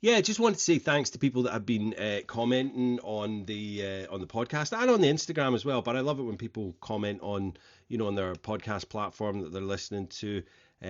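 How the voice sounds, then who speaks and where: A middle-aged man with a low voice hosts his podcast alone, chatting loosely and circling back on himself. He fills the gaps with ums and uhs. The recording sounds a little dull and lo-fi. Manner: rambling, many fillers and restarts. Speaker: podcast host. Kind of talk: casual solo intro monologue.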